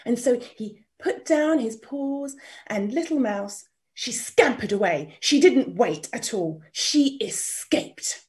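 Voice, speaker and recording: A woman storyteller reading a children's story aloud, expressive, dropping to whispers and inviting listeners to join in. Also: a little high, takes it slowly.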